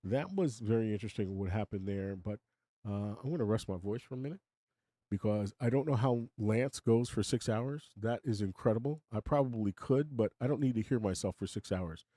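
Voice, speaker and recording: A man's voice: lowish voice, a little fast, mellow, dry recording. An older man hosting his own live stream, rambling and opinionated, chuckling as he talks to his chat. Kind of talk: casual live-stream monologue.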